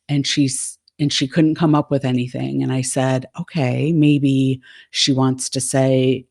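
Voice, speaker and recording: A woman's voice: very deep voice, a little mellow. A woman life coach in a casual monologue, retelling a session and quoting the dialogue back and forth.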